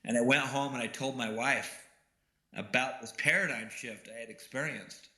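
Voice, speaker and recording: Bright-voiced man telling a story in a roomy hall. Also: medium pitch, moderate pace. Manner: earnest, personal storytelling. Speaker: keynote speaker. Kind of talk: storytelling keynote speech.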